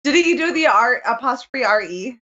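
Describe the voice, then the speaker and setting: Playful podcast woman, kinda high voice, swoops all over, lots of teasing. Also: lively intonation, normal speed, pushed and bright, highs cut off. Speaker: podcast co-host. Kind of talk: casual chat.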